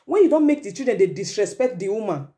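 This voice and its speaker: A woman with a Nigerian accent giving a forceful, lecturing advice monologue as a vlogger, slipping into Pidgin. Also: medium pitch, sing-song, fast talker.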